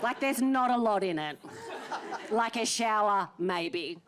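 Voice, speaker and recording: In a noisy live theatre recording, a stand-up comedian in her early 40s teases a member of the audience. Her medium-pitched voice is animated but slow-paced, and crowd noise fills the background.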